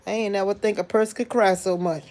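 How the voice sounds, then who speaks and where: Tearful soft-spoken woman, sighing. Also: mid-range voice, steady tone, quick pace. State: tearful, grieving. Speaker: livestream host talking to viewers. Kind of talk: casual live chat.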